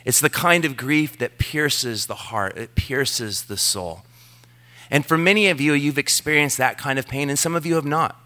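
Middle-aged guy preaching, bright clear voice, earnest, pokes fun at himself telling a story. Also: medium pitch, moderate pace. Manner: earnest, storytelling with self-deprecating asides. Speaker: pastor. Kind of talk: sermon.

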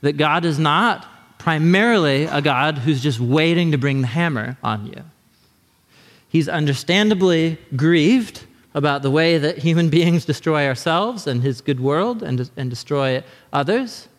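A man preaching a sermon as pastor, in an animated, conversational way, sometimes acting out quick voices. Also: fairly high pitch, long reverb tail.

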